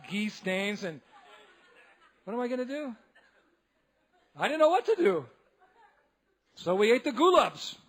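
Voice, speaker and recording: High-voiced monk telling a funny story. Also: male voice, normal speed, pauses often. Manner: animated, laughs often, acts out others' voices. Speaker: monk giving a lecture. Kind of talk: humorous storytelling lecture. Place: temple hall.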